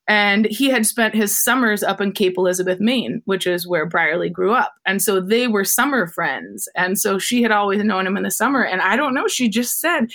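A woman telling a personal story in conversation, lively and animated, acting out quotes and laughing often. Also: medium pitch. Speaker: guest.

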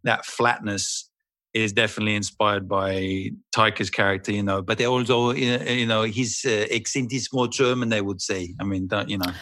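A man's voice: fairly low pitch, fairly even intonation, moderate pace, pushed and bright, dry recording. A male actor guest who chats in a rambling, self-deprecating way and laughs easily. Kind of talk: casual interview chat.

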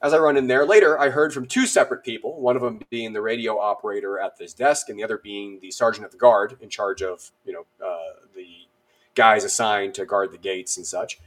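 Animated man telling a war story. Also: fairly low pitch, a little fast. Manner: animated, self-deprecating, many fillers. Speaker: podcast guest. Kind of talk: casual storytelling.

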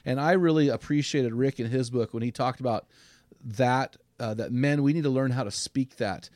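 A man's voice: medium pitch, moderate pace, a little mellow, dry recording, studio quality. A middle-aged man hosting a men's podcast, speaking in an earnest, heartfelt, preacherly way. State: choked up. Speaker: podcast host. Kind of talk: casual men's podcast talk.

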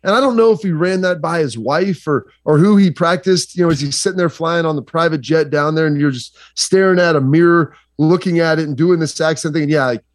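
A man's voice: on the high side, fairly quick, hardly any pauses, no room sound, clean studio sound. A man from Southeastern Ohio, a sports analyst guest, rambling casually with lots of fillers. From Southeastern Ohio, USA.

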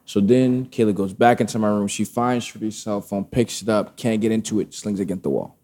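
A man with a low, mellow voice tells a story in casual chat. He is animated and swears freely, with loose street slang running through his delivery. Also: fairly quick.

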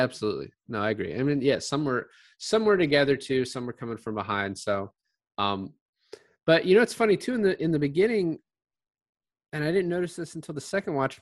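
Recorded at studio quality with no echo, this medium-pitched man is a podcast co-host casually discussing a film. He rambles through the story and performs the characters' dialogue in an animated retelling.

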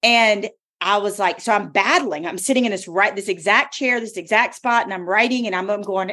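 A woman hosting a podcast who tells a personal story in an emphatic, expressive way. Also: medium pitch, moderate pace. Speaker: podcast host and author. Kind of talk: casual podcast chat.

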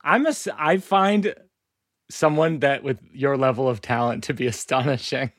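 A man's voice: medium pitch, normal speed, fairly bright tone, no echo, clean studio sound. A man hosting a podcast, chatting casually and telling stories in a rambling way that keeps interrupting itself. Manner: rambling, self-interrupting storyteller. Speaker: podcast host.

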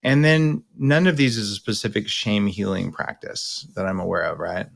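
Blunt, lower-voiced middle-aged male podcast host. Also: normal speed, vocal fry. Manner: explains at length, blunt and casual, says "crap". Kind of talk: coaching conversation.

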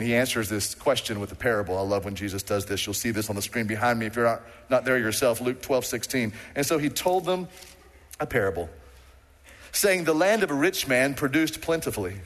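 A man preaching a sermon to a congregation, animated and playful, acting out the people in the passage he reads. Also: medium pitch, a little fast. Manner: animated, acts out quoted voices. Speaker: pastor. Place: church sanctuary. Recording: long hall reverb.

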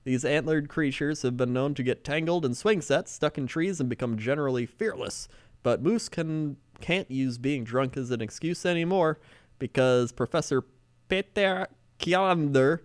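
A man co-hosting a podcast in casual chat, laughing often and slipping into loud mock sports-fan voices. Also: mid-range voice, clean tone. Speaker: podcast co-host.

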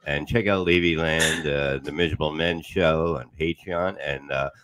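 A man's voice: extremely low pitch, fairly even intonation, moderate pace, fairly bright tone, clean tone. A man guesting on a podcast as a comedian, cracking punchy, profane jokes in casual banter. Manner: punchy, profane, jokey asides.

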